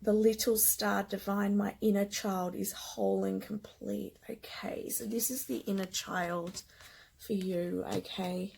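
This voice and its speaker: A woman giving a gentle, emotional spiritual card reading, with soft whispered asides. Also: medium pitch, flat delivery, normal speed, vocal fry, few pauses, a little hiss or hum, rough recording. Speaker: tarot card reader.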